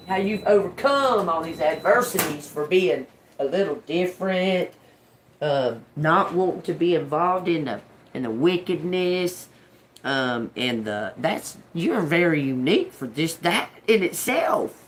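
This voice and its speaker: Woman doing a spiritual reading for the collective, lively up-and-down voice, laughs a lot, cusses freely. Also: low-pitched, a little slow, slight background noise. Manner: animated, laughs often, swears freely, streetwise talk. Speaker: intuitive reader.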